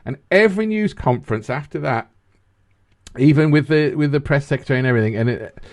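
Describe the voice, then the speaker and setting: A man co-hosting a podcast in loose, animated, sweary chat that rambles from point to point. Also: medium pitch, fast talker. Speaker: podcast co-host. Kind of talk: casual banter podcast.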